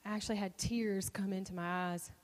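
A woman preacher telling a personal story in a sermon, animated and expressive. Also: medium pitch, brisk, in a large hall.

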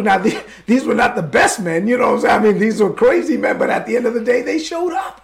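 A man's voice: high-pitched, lively intonation, fast, creaky. A man preaching a sermon as pastor, fervent and openly emotional.

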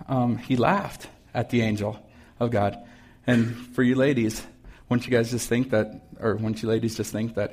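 Male pastor, middle-aged, relaxed sermon voice, mid-pitched, talks with the congregation. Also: normal speed. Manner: conversational, asks the congregation questions. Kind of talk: casual sermon with scripture reading.

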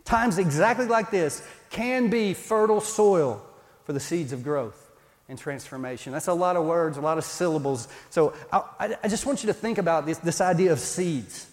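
A man's voice: a little high, moderate pace. A male pastor, preaching a sermon in a conversational, emphatic way. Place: church. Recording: long reverb in a church hall.

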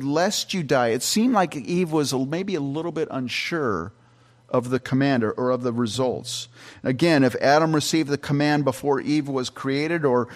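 A middle-aged man, a pastor, giving a conversational Bible-teaching sermon with frequent restarts and fillers. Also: mid-range voice.

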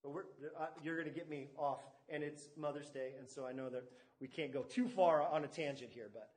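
Man, pastor, teaching sermon, high-pitched voice, roomy echo. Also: brisk, a little mellow. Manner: teaching with stress on key words and asides to the congregation. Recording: echoey room.

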